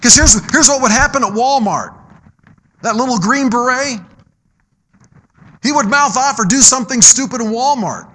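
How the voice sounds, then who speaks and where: A middle-aged man preaching a sermon, moving between loud, emphatic exhortation and low, quiet storytelling. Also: expressive, normal speed, pauses often.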